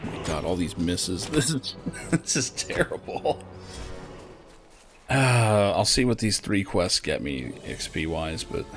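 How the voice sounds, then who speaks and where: A man's voice: low-pitched, sing-song, takes it slowly, long pauses. A young man giving casual, rambling commentary while playing a game, swearing and laughing often. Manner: rambling, profane, laughs a lot. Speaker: streamer. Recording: game music behind the voice.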